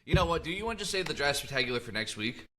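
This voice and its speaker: A man co-hosting a sports podcast, chatting casually and ribbing his co-host with quick banter. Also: fairly high pitch, very animated, a bit bright.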